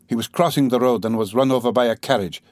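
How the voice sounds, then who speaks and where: A man voicing an earnest, anxious young man who speaks quickly and urgently. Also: mid-range voice, a little mellow, no room sound, studio quality, natural voice.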